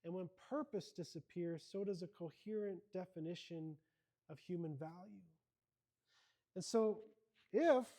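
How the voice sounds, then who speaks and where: A man's voice: high-pitched, dark tone. A man giving a university lecture, speaking earnestly and checking in with his listeners. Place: lecture hall.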